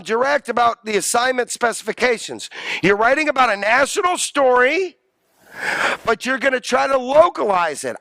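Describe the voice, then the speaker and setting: Animated, high-voiced male lecturer. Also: gravelly, no room sound. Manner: animated, jokey, asks the class questions. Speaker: college lecturer. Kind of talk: classroom lecture.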